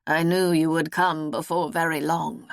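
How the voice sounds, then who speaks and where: A woman reading an audiobook, voicing a weary old woman seer who speaks slowly and gravely. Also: deep voice, steady tone, no room sound, clean studio sound. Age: older. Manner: slow, solemn, measured.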